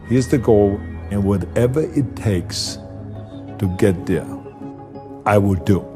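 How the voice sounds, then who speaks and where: Here a low-voiced man, a native German speaker with a thick accent, talks slowly over music. His motivational talk, part speech and part interview, is forceful, heavily accented, and punctuated by the occasional restarted word.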